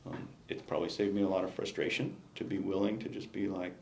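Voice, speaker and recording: A man's voice: deep voice, little pitch movement, fast, creaky, a little mellow, reverberant, slight background noise. A man, a retiring battalion chief, reflecting in an exit interview, emphatic and given to restarts. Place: indoor meeting room.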